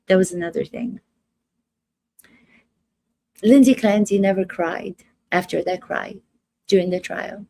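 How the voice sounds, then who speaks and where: A woman acting coach comments to camera in an unhurried, gravelly voice. She speaks emphatically, repeats her key phrases and keeps asking rhetorical questions. The sound is close and dry. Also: fairly low pitch, darkish tone, no room sound.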